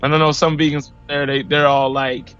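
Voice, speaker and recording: A man in his forties from Missouri tells his own story as a podcast guest. He is animated and slips into the voices of people he quotes. The audio is dull and lo-fi, with soft music playing underneath. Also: fairly high pitch, moderate pace, clear, resonant tone. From Missouri, USA. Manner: animated, acts out quoted dialogue. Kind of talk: personal storytelling.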